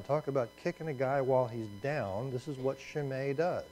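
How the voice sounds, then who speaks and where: A man's voice: medium pitch, normal speed, few pauses, dark tone, poor audio. Chatty male Bible teacher. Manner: conversational, asks rhetorical questions, adds asides.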